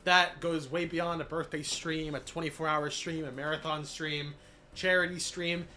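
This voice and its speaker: A man streaming live, recapping his channel's year in a casual, energetic way with many fillers and shout-outs, voice cracking after being sick. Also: on the high side, moderate pace, a little hiss or hum. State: recovering from illness, voice cracking.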